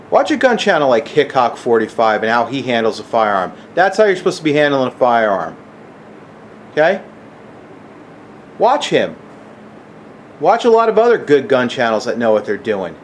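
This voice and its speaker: A man's voice: medium pitch, a little hiss or hum. A middle-aged man ranting angrily to camera, agitated and profane, keeps asking "okay?". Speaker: gun channel vlogger. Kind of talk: angry rant to camera.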